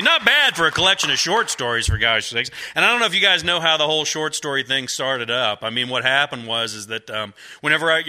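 A middle-aged man spins a loose, self-deprecating yarn for a crowd, wandering through asides and tics. His voice is strikingly bright and forward at an ordinary pitch for a man. He talks with an easy folksy humor. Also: a little hiss or hum. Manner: rambling, folksy and self-mocking, with a habitual "like that". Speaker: author speaking to a bookstore audience. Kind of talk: casual storytelling to a live audience.

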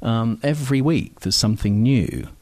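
A man's voice: mid-range voice, moderate pace, a little mellow, dry recording. A man telling stories in an interview, rambling and self-deprecating, with frequent ums and restarts. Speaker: novelist guest. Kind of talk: casual anecdotal interview talk.

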